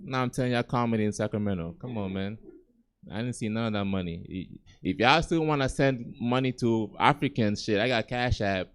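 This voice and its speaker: A young man from Gambia performs stand-up at a comedy club, talking in a relaxed, conversational way. His voice sits on the lower side and sounds smooth and resonant through a handheld stage mic. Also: fairly quick. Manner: laid-back, conversational, chuckling at own jokes.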